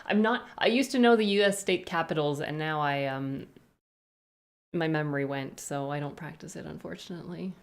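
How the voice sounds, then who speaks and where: A woman's voice: low-pitched, moderate pace. A woman streamer chatting casually on a live stream, greeting viewers one by one with rambling asides.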